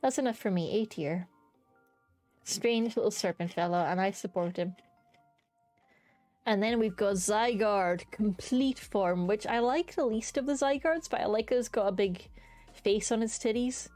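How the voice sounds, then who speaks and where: A woman's voice: mid-range voice, unhurried, a little mellow, faint music behind. A young woman streaming from home, chatting casually and enthusiastically as she ranks creatures, with casual swearing. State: hiccups. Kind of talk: casual live-stream commentary.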